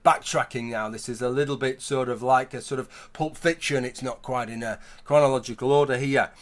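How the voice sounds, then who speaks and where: A man's voice: mid-range voice, fairly even intonation, brisk. A man giving a conversational opinion commentary, arguing his point through hypothetical scenarios. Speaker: YouTube commentator.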